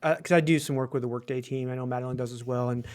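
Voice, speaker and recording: A man's voice: medium pitch, steady tone, racing, darkish tone. A man co-hosting a podcast, telling stories in a chatty way and laughing as he goes. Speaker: podcast co-host. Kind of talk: casual podcast chat.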